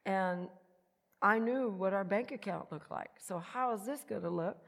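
A woman's voice: medium pitch, normal speed, vocal fry. Woman telling a story in a reverberant hall. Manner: animated storytelling, acts out quoted voices. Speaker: speaker giving testimony. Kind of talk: personal testimony.

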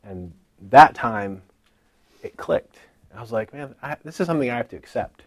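A man's voice: mid-range voice, lively intonation, normal speed, no room sound. A man giving a casual personal testimony at a conference. He tells his story in a chatty way, acting out what other people said and using many fillers like "like".

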